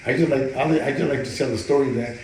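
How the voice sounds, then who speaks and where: A man's voice: medium pitch, steady tone, fast talker, darkish tone, echoey room, slight background noise, rough recording. A man, a boxing trainer, telling stories in a casual interview, cursing freely and repeating words as he goes. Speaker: boxing trainer and cutman, guest.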